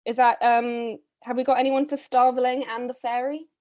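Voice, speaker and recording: A woman's voice: a little high, little pitch movement, a little mellow, dull audio. Chatty woman casting readers. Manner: chatty, brisk, with frequent ums and little laughs. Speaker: read-a-thon host casting readers. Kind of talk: casual live-stream casting call.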